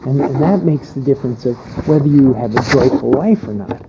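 A man's voice: mid-range voice, brisk, muffled recording, heavy background noise. A man preaching a sermon in a conversational way, with frequent fillers and restarts.

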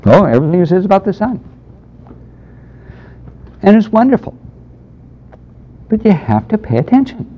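A man's voice: sits high, sing-song, normal speed, long pauses. A man teaching a Bible class in a conversational, emphatic way, taking questions from the room. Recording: dull lo-fi lecture recording.

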